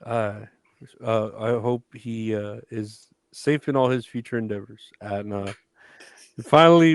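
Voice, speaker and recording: A young man co-hosting a podcast in a relaxed, casual chat, hesitating often with fillers. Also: fairly low pitch, unhurried, slight background noise. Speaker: podcast co-host.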